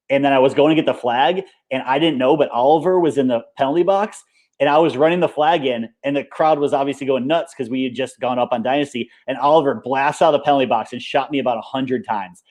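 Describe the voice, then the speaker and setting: A man, a coach and former pro player, talking in a relaxed, conversational way in an interview and retelling moments with quoted dialogue. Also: medium pitch. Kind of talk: casual interview.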